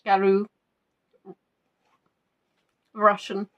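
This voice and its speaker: A woman's voice: mid-range voice, completely flat delivery, very slow, a bit bright, highs cut off. A woman hosting a live quiz, reading out viewers' answers in a chatty, playful way and musing between questions. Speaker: quiz host.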